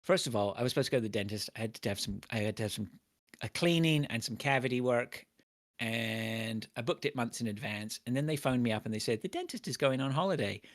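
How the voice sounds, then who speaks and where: Sweary ranting podcast host. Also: male voice, medium pitch, fast. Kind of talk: casual chat.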